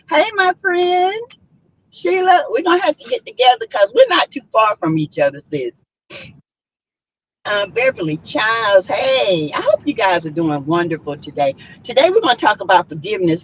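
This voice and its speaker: A chatty woman hosts her live stream, calling out viewers by name with a high, lively voice that swings up and down. The sound is dull and lo-fi. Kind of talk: casual live-stream chat.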